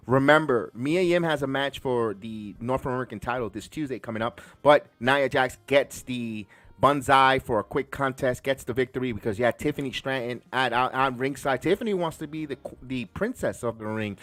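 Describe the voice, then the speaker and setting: A man's voice: mid-range voice, moderate pace, a bit bright, no echo. Enthusiastic rambling man recapping. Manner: enthusiastic, rambling with frequent restarts and fillers. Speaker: podcast host. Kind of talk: casual wrestling recap chat.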